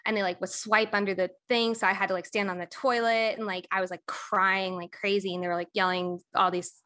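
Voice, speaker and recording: A young adult woman, a podcast guest and coach, telling a painful personal story candidly, with many pauses and fillers. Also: mid-range voice, little pitch movement, sharp tone.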